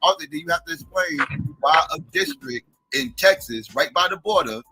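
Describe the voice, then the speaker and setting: A man hosting a comedy talk show, ranting animatedly with sudden loud outbursts. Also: on the high side, lively intonation, moderate pace, husky, soft background music. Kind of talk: comedic rant.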